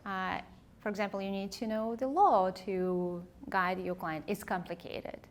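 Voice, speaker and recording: A woman who is a leadership coach and author speaks as a guest in a reflective, conversational interview. Her medium-pitched voice sounds thoughtful and heartfelt, and she often pauses to search for words.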